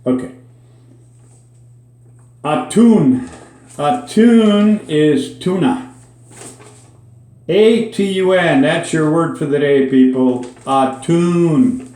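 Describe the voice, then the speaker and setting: A man's voice: a little high, extremely slow, pauses often, warm tone. A man with a Minnesota accent, teaching a daily Spanish word in a chatty, folksy way with dry asides. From Minnesota, USA. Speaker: host teaching Spanish words. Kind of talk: casual spoken lesson. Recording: echoey room.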